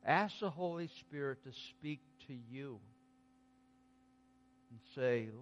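Slow-preaching man in a reverberant hall. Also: mid-range voice. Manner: slow, emphatic, swings from hushed to exclaiming. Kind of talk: sermon.

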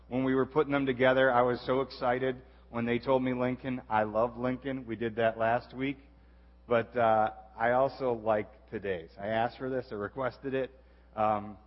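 Chatty young youth pastor in a hall. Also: male voice, mid-range voice. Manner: chatty, self-deprecating, many fillers. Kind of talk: casual sermon introduction. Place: church auditorium. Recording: dull echoey church hall.

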